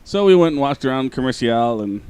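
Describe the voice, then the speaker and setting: A man hosting a casual podcast in a mid-pitched voice, loose and jokey, with a dry sarcastic streak. He swears freely and rattles through sponsor plugs between bits of banter. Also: animated, brisk, a little mellow, smooth. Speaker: podcast host.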